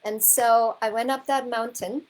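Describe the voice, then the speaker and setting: A woman's voice: on the high side, fairly even intonation, a little slow, poor audio. A woman horsemanship coach telling a personal story to her students in a rambling, heartfelt way, full of restarts and repeated words. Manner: rambling, heartfelt, with self-corrections; gets emotional, close to tears.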